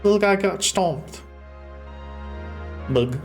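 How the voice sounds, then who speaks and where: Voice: mid-range voice, animated, takes it slowly, soft background music. A streamer chatting on a live stream while building a stage, swearing freely and making goofy sound effects.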